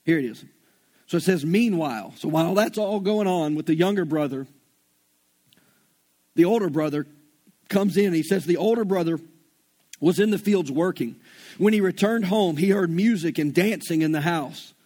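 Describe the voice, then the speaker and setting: A man's voice: high-pitched, moderate pace, long pauses, warm tone. A man with a Southern US accent preaching an earnest, folksy sermon and retelling scripture in everyday slang. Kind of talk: conversational sermon.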